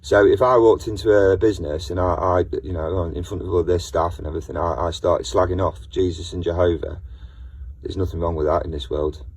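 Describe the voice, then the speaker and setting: A man delivers a rambling, self-interrupting rant in a casual video monologue. His voice sits low and sounds very husky and rough-edged. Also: steady tone, fairly quick, a little mellow. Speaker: vlogger.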